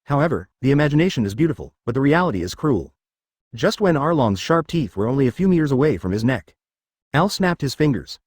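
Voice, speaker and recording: A man reads a long fan fiction story aloud. His pitch sits in the middle but swings widely, and the sound is dry with no room echo. The cadence stays even and steady, even over sound effects. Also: fairly quick. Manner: reads page artifacts and sound words flatly, even cadence. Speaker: narrator.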